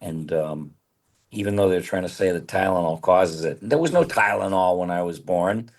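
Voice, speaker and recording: A man's voice: low voice, normal speed. A man in his seventies, a voice actor, telling candid, rambling stories as a guest in a casual interview. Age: 70s.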